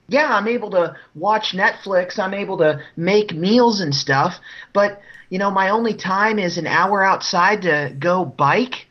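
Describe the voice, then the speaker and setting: A man's voice: high voice, moderate pace, hardly any pauses, dull audio. A man from New Jersey co-hosting a news podcast, giving indignant, mocking commentary that rises into outraged exclamations. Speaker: podcast co-host.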